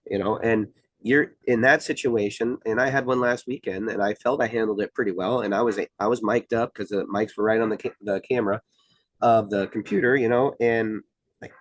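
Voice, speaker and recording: A middle-aged man from Iowa, a wrestling official talking through rules in a casual podcast chat, measured and full of fillers. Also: mid-range voice, no room sound. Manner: measured, explanatory, many fillers.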